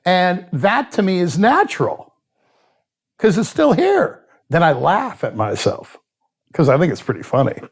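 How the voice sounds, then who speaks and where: A man's voice: high-pitched, wildly swooping pitch, a little slow, slightly rough. A man, a guest in an interview who tells his story candidly, bluntly and with a lot of swearing, and sometimes laughs at himself. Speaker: addiction expert guest.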